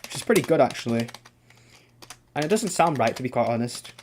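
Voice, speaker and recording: A man's voice: mid-range voice, expressive, brisk, a little mellow, a little hiss or hum. A man from England, chatting casually on a game stream, rambling, swearing offhandedly and restarting his sentences. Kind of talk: casual gaming stream chat.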